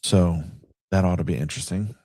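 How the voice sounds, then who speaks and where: A man co-hosts a casual sports podcast in a slightly low voice. He talks easily and tells stories, dropping in little quoted asides as he goes. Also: brisk, warm tone. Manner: chatty storyteller who retells events with quoted asides. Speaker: podcast co-host. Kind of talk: casual sports talk chat.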